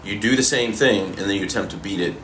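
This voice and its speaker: A man coaching fitness and answering viewers' questions in a relaxed, casual way while eating, sometimes talking with his mouth full. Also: fairly low pitch, slight background noise. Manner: relaxed, talks with his mouth full, pauses mid-sentence.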